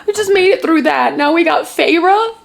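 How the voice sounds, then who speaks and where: A young woman excitedly reacting to a novel as she reads it in a casual vlog. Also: extremely high pitch, moderate pace, creaky. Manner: gushing, excitable reactions to a book. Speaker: book vlogger. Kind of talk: casual reading vlog commentary.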